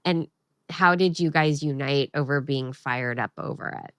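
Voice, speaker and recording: A woman hosting an interview, asking long, searching questions with many pauses and restarts. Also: deep voice, clear, resonant tone, no echo, clean studio sound. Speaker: podcast host.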